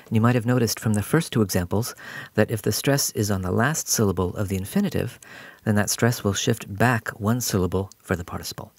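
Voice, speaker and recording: A man's voice: fairly low pitch, brisk, no room sound. A man giving a patient, explanatory recorded grammar lesson as a language teacher.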